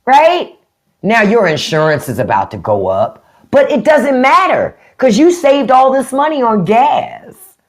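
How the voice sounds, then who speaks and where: Blunt, mocking livestream host with a lively voice. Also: male voice, extremely high pitch, unhurried. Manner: blunt, mocking, profane, talks back to chat comments. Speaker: podcast host on a live stream. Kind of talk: unfiltered political rant to live chat.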